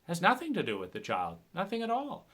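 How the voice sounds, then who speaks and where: A man talking about his own painful past in an emotional, halting monologue, often repeating words and swearing when upset. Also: high voice, huge pitch swings, fairly bright tone. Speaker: speaker sharing personal story.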